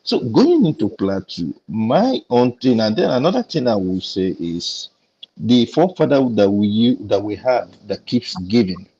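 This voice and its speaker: A man's voice: on the low side, sing-song, unhurried, warm tone, breathy edge, muffled recording. A Nigerian man talking with indignation on a discussion panel, telling a story and acting out the dialogue. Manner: indignant, tells stories with quoted dialogue. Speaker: panel guest.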